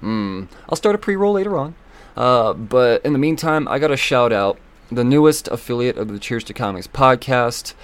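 A man hosting a solo podcast, talking loosely and excitably, swearing often and filling gaps with ums and uhs. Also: mid-range voice, normal speed, clean tone. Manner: loose, profane and excitable, with many fillers. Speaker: podcast host. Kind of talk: casual solo podcast talk.

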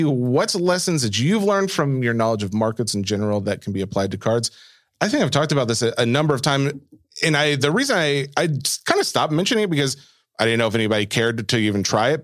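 A man co-hosting a casual card-collecting podcast, reading listener questions aloud with loose, pausing delivery. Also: medium pitch, no room sound, clean studio sound. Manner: relaxed, reads listener questions with filler pauses. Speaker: podcast co-host reading mailbag. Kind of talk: casual chat.

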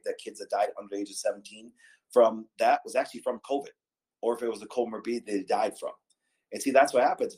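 A man's voice: lowish voice, a little mellow, low-quality recording. Emphatic man asking rhetorical questions. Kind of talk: casual talk show conversation.

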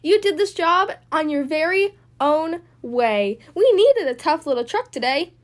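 A woman voicing a big, motherly school bus who speaks slowly and gently. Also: high voice, lively intonation. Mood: gentle.

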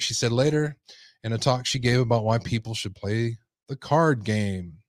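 A man hosting a podcast reads news stories aloud, stopping often for sarcastic comments of his own. His voice sits at an ordinary middle pitch. The recording is dry and close, with no room sound. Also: moderate pace, no room sound. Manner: sarcastic asides. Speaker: podcast host.

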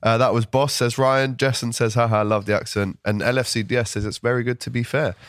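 A man from with a slightly hoarse voice, hosting a casual football podcast and reading out viewer comments. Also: mid-range voice, steady tone, a little fast, no room sound, studio quality. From London. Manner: chatty, reads out viewer comments. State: hoarse from a cold. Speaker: host.

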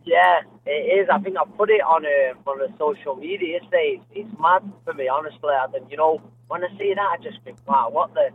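A man's voice: fairly high pitch, fairly quick, hardly any pauses, a little hiss or hum. Man, phone-in guest, friendly and hesitant, tinny line. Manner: friendly, hesitant with many fillers. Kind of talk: interview over the phone.

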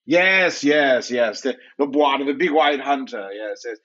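A genteel English hunter played by a man who rambles through his tales with easy asides. His voice is mid-pitched and a touch husky. The audio is a little dull and lo-fi. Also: expressive, unhurried, a bit bright. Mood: genial. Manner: chatty, genteel, full of filler asides. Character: chatty English big-game hunter, young man.

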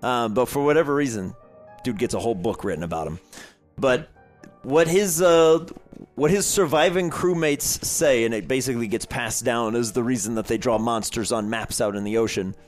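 A young man narrating a tabletop game as game master, in a relaxed, filler-heavy storytelling manner. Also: mid-range voice, moderate pace, faint music behind.

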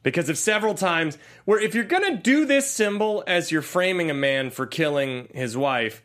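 Male podcast co-host, casual movie recap, lively and expressive, pitch a bit high, dips into gruff voices for quotes. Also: moderate pace. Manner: animated, drops into low gruff voices for quotes.

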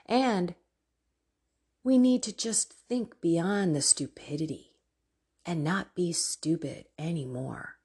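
A woman podcast host prays aloud with earnest, fervent pleading. Her delivery is unhurried and drawn out, and her voice carries a soft, airy huskiness. It sounds like heartfelt spoken prayer rather than a performance. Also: on the low side, slightly rough. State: tearful.

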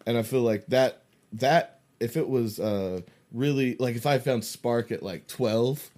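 A man's voice: medium pitch, unhurried, a little mellow. A man co-hosting a podcast in casual chat, rambling, profane and laughing often. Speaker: podcast co-host.

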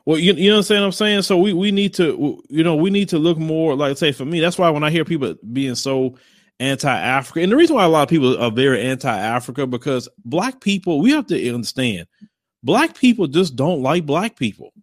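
A man's voice: a little high, animated, fairly quick, no room sound, clean studio sound. A man hosting a casual commentary show and talking bluntly to viewers. He rambles, repeats phrases and slips into mocking voices.

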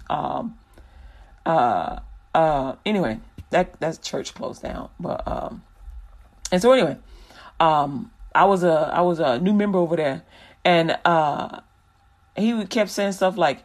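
A man's voice: a little high, expressive, a little slow, long pauses. Slangy, rambling male radio host. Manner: loose, slangy, rambling storyteller. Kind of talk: casual radio talk, preachy.

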